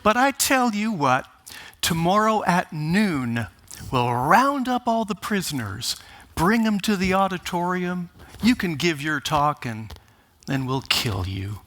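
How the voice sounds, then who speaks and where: A man doing a slow, gruff Texas jailer. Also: mid-range voice, expressive, a bit bright, exaggerated voice.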